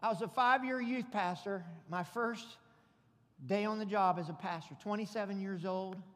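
A man preaching a sermon as pastor, emphatic and folksy, building up to shouts. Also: high voice, normal speed, long reverb tail. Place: church sanctuary.

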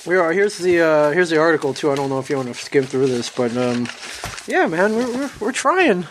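A man's voice: a little high, very animated, fairly quick, fairly bright tone, slight background noise. A man who is a guest on a casual podcast chat, laughing often and stumbling over his words. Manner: laughs a lot, loose and stammering.

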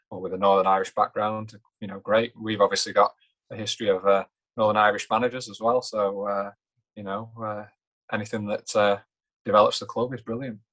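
Man, low voice, monotone, casual football talk, measured, hesitant. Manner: measured, hesitant, many fillers and restarts. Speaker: podcast co-host.

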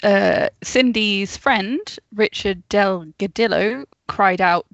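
A woman's voice: medium pitch, slow pace, no room sound, dull audio. A woman co-hosting a casual podcast, telling a story from her notes with chatty asides and frequent laughs. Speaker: podcast co-host.

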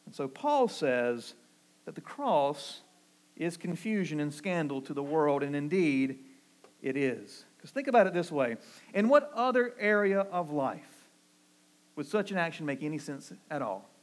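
Male pastor, Southern accent, sermon delivery, earnest, slightly high-pitched. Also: big pitch swings, measured pace. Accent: Southern American. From American South. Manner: earnest preaching, rising emphatic on key phrases, dropping low and soft for quotes.

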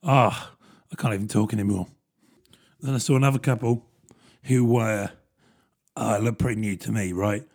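A man's voice: fairly low pitch, fairly even intonation, normal speed, pauses often, darkish tone. A man, rambling through a casual solo podcast with plenty of fillers and self-deprecating asides. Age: 30s. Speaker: podcast host.

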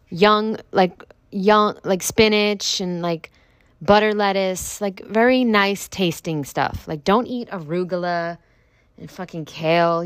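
A woman's voice: medium pitch, no room sound. A young woman hosting a podcast, ranting casually in a blunt, profane way with lots of filler words. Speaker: podcast host. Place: home with construction noise outside.

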